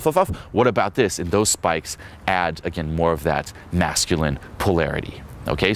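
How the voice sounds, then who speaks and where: A man's voice: deep voice, slight background noise. A man coaching a seminar in a brash, teasing way, acting out bits of dialogue. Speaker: dating coach. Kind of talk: seminar talk.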